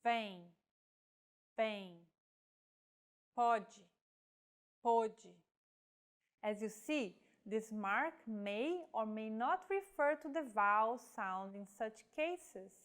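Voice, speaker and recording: Slow, precise female language teacher, slightly high voice, enunciates each example word. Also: lively intonation, a bit bright. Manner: clear, careful enunciation of example words. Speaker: Portuguese teacher. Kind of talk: slow scripted lesson with pronunciation examples.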